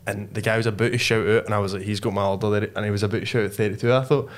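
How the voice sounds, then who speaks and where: Low-voiced rambling man. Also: steady tone, rapid-fire. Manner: rambling, slangy. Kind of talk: casual chat.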